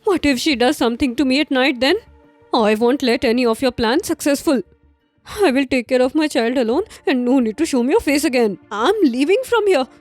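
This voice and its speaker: A woman's voice: sits high, fast talker, hardly any pauses, no echo, faint music behind, lightly acted. A woman as a defiant pregnant girlfriend. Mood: suspicious. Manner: demanding, confrontational.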